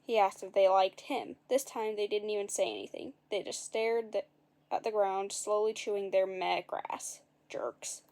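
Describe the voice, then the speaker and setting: A woman's voice: mid-range voice, steady tone, normal speed, a little mellow. A woman reading a storybook aloud in a casual way, adding wry, dry asides and fixing her own slips as she goes. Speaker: narrator.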